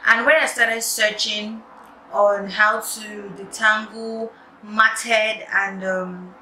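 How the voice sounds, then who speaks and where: A woman's voice: mid-range voice, slow pace. Chatty woman, echoey room. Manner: chatty, animated, drops to quiet asides. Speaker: wig maker vlogger. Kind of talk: casual storytelling tutorial. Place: room at home at night. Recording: echoey room, distant mic, faint noise.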